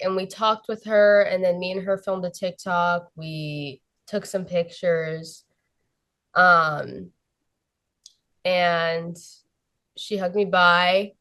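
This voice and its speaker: Young woman gushing, full of "like". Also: lowish voice. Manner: breathless, fills every phrase with "like" and "literally". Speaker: guest. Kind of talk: excited storytelling.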